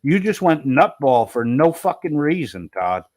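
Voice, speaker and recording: A man's voice: on the high side, very animated, a little slow, a little mellow. A man scolding another participant in a heated online debate, swearing for emphasis.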